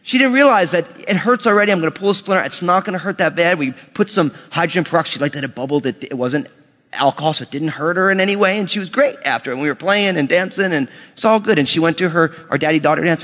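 A male pastor preaching a sermon, telling family stories with animation and slowing down to read scripture. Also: a little high. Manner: animated storytelling, slows for scripture reading. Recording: long reverb of a large hall.

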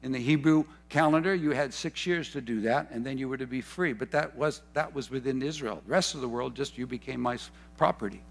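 A man's voice: medium pitch, a little fast, vocal fry, few pauses. A man preaching a sermon, fervent and repeating key phrases for emphasis, with rambling asides and self-corrections. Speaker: pastor.

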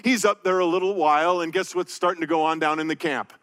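A man preaching a verse-by-verse sermon, earnest and emphatic, slowing down to read scripture aloud. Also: on the high side, fairly even intonation, a bit bright, clean tone. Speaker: pastor. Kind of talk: sermon teaching through scripture.

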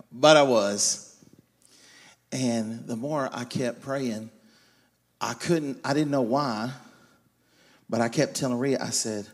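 A man preaching a sermon, swinging between loud emphatic lines and quiet confiding storytelling. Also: medium pitch, slow, long pauses. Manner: animated, loud and emphatic, then quiet and confiding when telling his story. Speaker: guest preacher.

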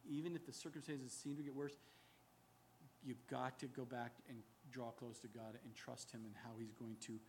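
A man delivers a sermon with an unusually high voice for a man. He preaches in an animated, emphatic way. He often breaks off to restate his words as he goes. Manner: animated, emphatic preaching with frequent self-corrections. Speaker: pastor.

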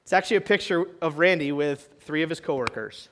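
A pastor preaching to his church in a conversational way, asking the room questions and swinging between loud emphasis and quiet, hushed lines. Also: a little high, lively intonation, brisk. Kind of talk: sermon.

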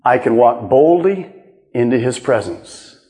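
A man preaching a sermon as pastor, swinging from loud emphasis to hushed, low lines. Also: lively intonation, measured pace, in a large hall. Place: church auditorium.

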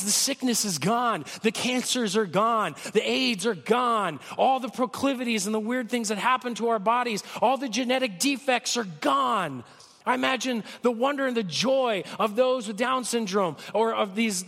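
A man preaching a sermon with a cold, talking conversationally and swinging from loud peaks to soft lows. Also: long reverb tail. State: has a cold. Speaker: pastor.

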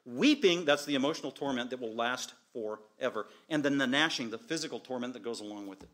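A man's voice: mid-range voice, expressive, quick pace, a bit bright. A man preaching a sermon as pastor, driving home his points with repeated short, emphatic declarations.

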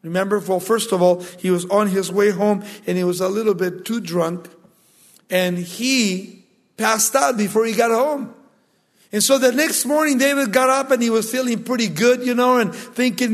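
High-voiced preacher in a reverberant hall. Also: male voice, fairly even intonation, normal speed. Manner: dramatic storytelling, emphatic. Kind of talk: sermon.

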